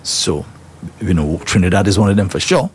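A man's voice: deep voice, animated, fairly quick, a little hiss or hum. A man hosting a current-affairs talk show, opinionated and emphatic, prodding with rhetorical questions.

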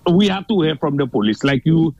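A man's voice: fairly high pitch, animated, brisk, vocal fry, darkish tone, no room sound, muffled recording. A Saint Lucian man calling in to a radio show, rambling and insistent as he argues his point. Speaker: caller. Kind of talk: call-in radio talk.

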